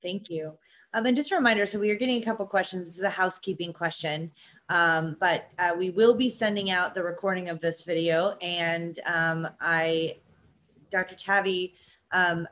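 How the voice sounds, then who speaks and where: A woman's voice: fairly low pitch, a bit bright. Upbeat woman moderating a Q&A. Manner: upbeat, laughs often, filler-heavy. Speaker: webinar moderator.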